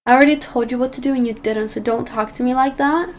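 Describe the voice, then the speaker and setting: A woman's voice: fairly high pitch, quick pace, slight background noise. A young woman livestreamer in casual chat, answering viewers' messages aloud, blunt and swearing freely.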